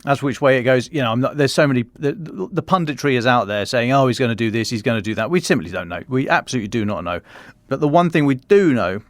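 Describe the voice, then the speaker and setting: A man's voice: medium pitch, lively intonation, quick pace, dry recording. A man co-hosting a podcast, musing aloud in casual discussion, often restarting his sentences. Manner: thinking aloud, frequent restarts and fillers.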